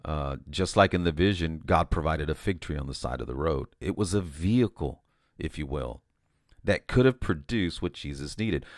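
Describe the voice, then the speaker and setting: In an informal sermon, a man recounts a vision conversationally, often restarting, repeating words and saying "you know." His voice sits low with a darkish tone. The recording is studio quality with no echo.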